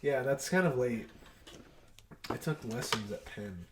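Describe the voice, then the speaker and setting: A man's voice: medium pitch, animated, unhurried. A young man co-hosting a podcast in casual chat, telling a rambling story with laughs. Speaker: podcast co-host.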